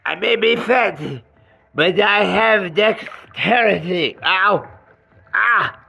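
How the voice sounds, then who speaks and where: A man's voice: high voice, takes it slowly, vocal fry, pushed and bright, breathy edge. A man venting angrily and rawly into the camera in an emotional personal rant, stumbling and swearing as he talks. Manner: angry, raw venting with restarts and swearing. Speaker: vlogger.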